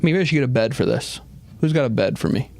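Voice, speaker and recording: Playful rambling talk show host. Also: male voice, mid-range voice, expressive, fast talker, creaky, darkish tone. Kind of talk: comedic talk show riffing. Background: music.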